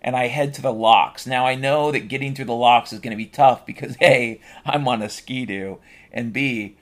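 A man at an ordinary middle pitch rambles through an absurd comic tale, packing almost every sentence with swearing. He drops into flat, deadpan asides. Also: normal speed. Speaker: storyteller. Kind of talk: comedic rambling monologue.

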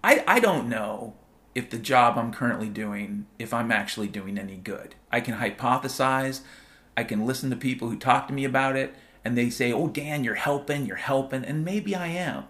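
A man's voice: mid-range voice, expressive, normal speed, fairly bright tone. A man delivering a rambling, playful monologue as a host, full of wordplay and repetition, swearing freely. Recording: piano music playing behind.

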